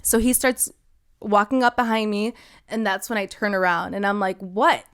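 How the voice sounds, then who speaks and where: A young woman co-hosting a podcast, telling a story in casual chat, animated and laughing often. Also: mid-range voice, moderate pace, smooth. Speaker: podcast co-host.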